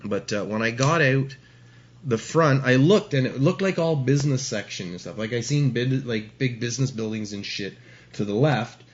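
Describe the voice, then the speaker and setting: A man's voice: mid-range voice, moderate pace. Guy in his 40s rambling a story, swears a ton, kinda muffled recording. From Ontario, Canada. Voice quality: profane, rambling, lots of restarts. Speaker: guest. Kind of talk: casual storytelling.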